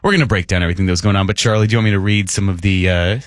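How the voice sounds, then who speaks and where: A man's voice: deep voice, steady tone, racing, no room sound. A man co-hosting a morning sports radio show from a studio, joking and reading listener texts aloud in an upbeat way. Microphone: studio microphone.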